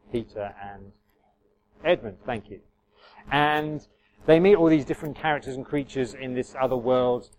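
A man's voice: mid-range voice, a little mellow, a little hiss or hum. A man preaching a sermon as the pastor. He speaks earnestly and conversationally, with frequent restarts. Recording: slightly muffled church recording.

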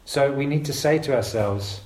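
This preacher's voice is medium in pitch and a bit mellow, moving at a moderate pace. Addressing his congregation in an informal sermon, he sounds emphatic yet conversational, often stopping to correct himself, all heard through a roomy echo.

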